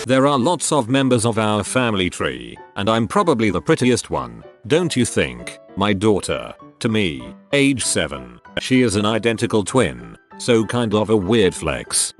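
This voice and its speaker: A man reading posts aloud as scripted narration, voicing the text very literally. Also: fairly low pitch.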